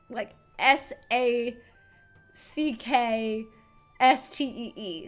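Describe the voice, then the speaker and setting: A woman's voice: a little high, takes it slowly, faint music behind. A woman streaming, chatting casually and telling a rambling story with lots of self-corrections. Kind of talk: casual livestream chat.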